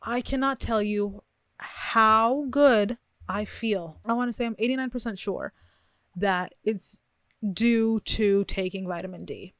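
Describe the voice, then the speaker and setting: A woman's voice: medium pitch, unhurried, a bit bright, no echo, studio quality. A young woman vlogging from her bedroom in a chatty, rambling, self-reflective way, laughing often. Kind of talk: casual chat to camera.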